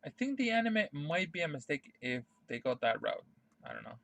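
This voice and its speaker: A man's voice: fairly high pitch, big pitch swings, brisk, gravelly, a bit bright. A man streaming a casual ranting monologue, profane and emphatic, repeating his points over and over.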